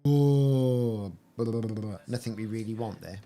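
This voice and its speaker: A man's voice: on the low side, unhurried, mellow. A man giving chatty, rambling live-stream commentary while playing a game. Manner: chatty, rambling, self-interrupting. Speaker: gaming streamer.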